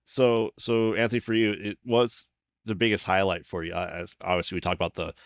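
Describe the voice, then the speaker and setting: A man's voice: on the low side, little pitch movement, brisk, dry recording, clean studio sound. A man hosting a podcast, chatting casually and easygoing, with frequent restarts and agreeing remarks. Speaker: podcast host. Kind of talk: casual conversation.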